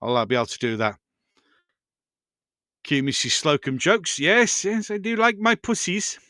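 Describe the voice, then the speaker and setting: A man's voice: high voice, sing-song, normal speed, sharp tone, no room sound, clean studio sound. A man hosting a casual live stream, rambling through viewer comments and chatting to his pets.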